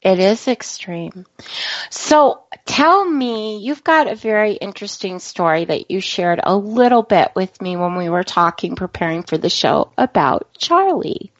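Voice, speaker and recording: A woman's voice: medium pitch, expressive, a little slow, no echo. A woman hosting an interview in casual chat. She chimes in often with affirming remarks. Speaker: podcast host. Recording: dry, dull lo-fi sound.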